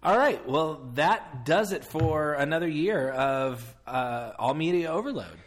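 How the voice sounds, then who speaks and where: A man's voice: a little high, lively intonation, a little slow. A man hosting a podcast, keeping his replies short and easygoing. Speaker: podcast host. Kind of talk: casual chat.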